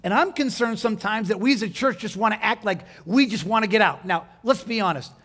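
A man's voice: high-pitched, expressive, a little fast, a bit bright. A man preaching a sermon to his congregation, conversational and direct, asking them questions and building to emphatic points. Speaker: pastor.

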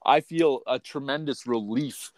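Man, podcast host, profane, rambling, loud-then-quiet swings, middle pitch, dry close sound. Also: unhurried, dry recording. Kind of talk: unfiltered casual rant.

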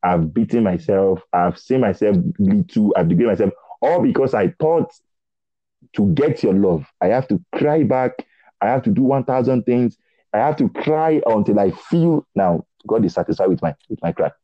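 Husky young man telling a testimony. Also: on the low side, normal speed, no room sound. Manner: animated storytelling, acts out dialogue, repeats words. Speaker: guest preacher. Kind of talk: testimony in conversation. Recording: dull lo-fi dry sound.

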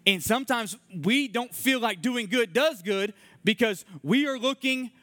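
A man's voice: very high voice, animated, measured pace, fairly bright tone, no echo. A man in his thirties preaching a conversational sermon in a church room, earnest and repeating his key phrases, telling stories from his own life. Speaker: pastor.

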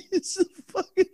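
A man's voice: a little mellow, no room sound. A man co-hosting a casual sports podcast, giggling helplessly and swearing. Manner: giggly, swearing, slow drawl. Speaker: podcast co-host.

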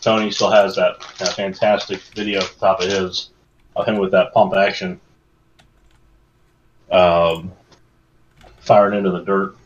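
Rambling low-voiced podcast man. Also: little pitch movement, unhurried, long pauses, slight background noise. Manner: rambling, meandering storytelling. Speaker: podcast co-host. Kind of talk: casual podcast chat. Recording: dull lo-fi sound.

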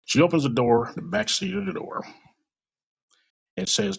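A man tells a story from his own life with a rough, gravelly and husky voice. His pitch rises and falls in lively swings. He speaks bluntly, swears freely and puts raw emotion into the telling. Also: moderate pace, pauses often. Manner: blunt, profane, emotional retelling. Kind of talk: personal story told aloud.

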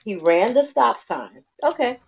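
A woman calling into a podcast, telling a story in animated, slangy casual talk with many fillers. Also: fairly high pitch, a little slow, gravelly, husky, muffled recording. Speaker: caller.

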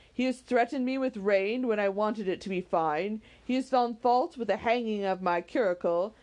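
A woman voicing a witty, stubborn young gentleman who banters in a quick, teasing way. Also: fairly high pitch, natural voice, rough recording.

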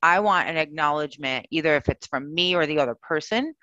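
A woman's voice: deep voice, brisk, sharp tone, no room sound, highs cut off. A woman co-hosting a casual chat, telling stories animatedly and acting out her own reactions.

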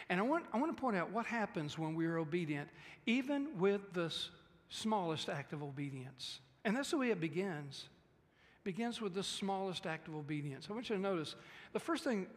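A man preaching a sermon as a pastor, animated and acting out the voices he quotes, often repeating words as he builds a point. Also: high-pitched, in a large hall.

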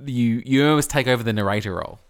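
A man, co-hosting a casual chat with playful, animated storytelling. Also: mid-range voice, fast talker, smooth, no echo, studio quality. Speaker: podcast co-host.

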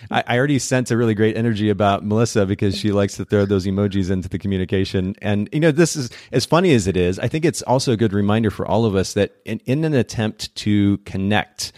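A man's voice: fairly low pitch, quick pace, few pauses, darkish tone, dry recording, clean studio sound. A man hosting a podcast interview, chatting in a friendly way with frequent restarts. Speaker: podcast host.

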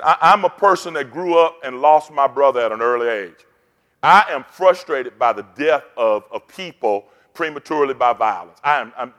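A man's voice: a little high, a bit bright. A pastor preaching a sermon, rousing and call-and-response in his delivery. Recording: long hall reverb.

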